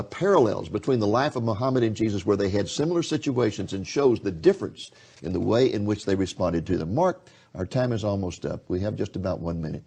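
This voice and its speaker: A low-pitched male TV host speaks in a folksy, conversational way, calling the viewers "folks" and stumbling through fillers. His voice is dark and a little husky. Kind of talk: religious TV interview.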